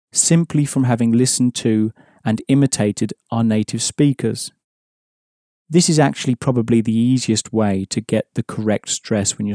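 A man teaching a language lesson in measured, scripted narration, explaining rules and repeating key points. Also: medium pitch, dark tone, dry recording, clean studio sound.

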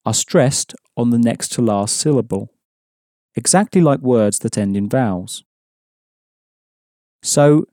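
Male language teacher, mellow, dry studio sound, patient and methodical. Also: medium pitch, no room sound. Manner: measured, explanatory, repeats key points. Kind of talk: scripted lesson narration.

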